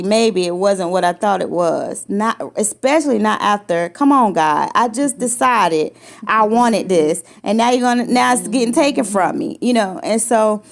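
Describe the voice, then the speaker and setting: Gravelly-voiced woman telling a personal story. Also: mid-range voice. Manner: emotional, repetitive restarts, acts out quoted lines. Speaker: podcast host sharing her story. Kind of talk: personal testimony, casual chat.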